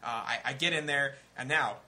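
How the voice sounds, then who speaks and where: A young man telling a story on a comedy talk show in a casual, animated, profane way. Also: medium pitch, moderate pace. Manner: animated, profane, acts out other people's voices.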